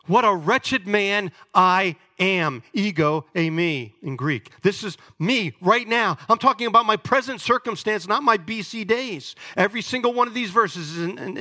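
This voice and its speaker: Bright, high-voiced preacher man. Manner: emphatic, calls congregation to respond. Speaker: pastor. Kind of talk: sermon.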